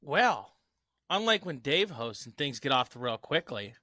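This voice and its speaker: A man's voice: medium pitch, sing-song, measured pace, sharp tone, dry recording, studio quality. A man hosting a sports podcast who throws in wry quips and steers the conversation. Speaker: podcast host. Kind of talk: casual sports chat.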